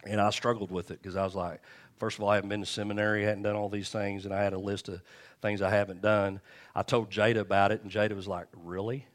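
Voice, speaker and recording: A man's voice: fairly low pitch, level tone, fast. A man pastor preaching a sermon in a church, telling a personal story in a conversational way before reading scripture.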